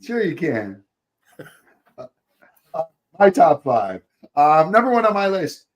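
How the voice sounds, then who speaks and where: A man's voice: on the high side, very animated, takes it slowly, highs cut off. A man hosting a podcast in casual chat, joking, rambling and laughing often. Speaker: podcast host.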